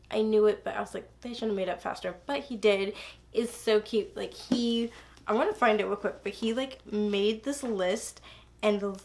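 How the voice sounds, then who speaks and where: A young woman chatting casually about a book she loves, gushing and rambling with lots of fillers and restarts. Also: mid-range voice. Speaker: book reviewer. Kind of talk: casual book review chat.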